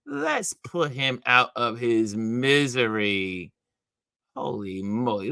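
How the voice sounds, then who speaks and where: Lively, bright-voiced male livestream host. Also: mid-range voice, takes it slowly, gravelly, no echo, studio quality. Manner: animated, reacting to viewer comments; laughs often and speaks emphatically. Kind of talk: casual livestream chat.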